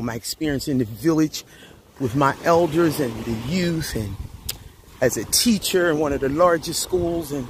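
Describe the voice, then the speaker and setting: Guy vlogging by the beach, kinda high voice, laid back storytelling. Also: background noise. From Grenada. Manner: relaxed, storytelling, uses y'all and repeats phrases. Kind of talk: casual vlog chat. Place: outdoors at a beach.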